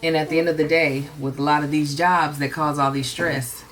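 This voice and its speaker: A young woman hosting a podcast, talking in an earnest, reassuring way in quick bursts. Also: deep voice, flat delivery, a bit bright, slight background noise. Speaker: podcast host. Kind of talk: casual chat.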